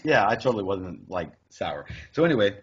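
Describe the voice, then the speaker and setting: A man's voice: lowish voice, big pitch swings, brisk, husky. A man in his thirties telling a crude, rambling story with lots of profanity on a podcast. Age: 30s. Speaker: podcast co-host. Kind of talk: casual storytelling. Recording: dull lo-fi audio.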